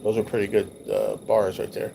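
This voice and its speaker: A man's voice: lowish voice, level tone, brisk, vocal fry, warm tone, slight background noise. A man hosting a livestream, reminiscing casually over old photos in a loose, rambling, profane way. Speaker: livestream host.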